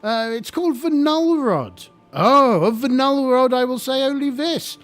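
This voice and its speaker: A man putting on a bubbly oracle spirit from the bottom of a pit, voiced up high and swooping. It gushes in an eager, fluttery babble, full of cheer. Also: expressive, unhurried, a bit bright, faint music behind, heavily acted. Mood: cryptic.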